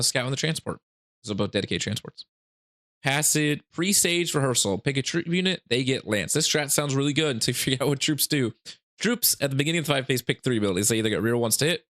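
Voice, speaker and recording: A man's voice: medium pitch, a bit bright. A man hosting a gaming channel, casually talking through game rules with hiccups, rambling with laughing asides and frequent restarts. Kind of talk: casual rules breakdown commentary.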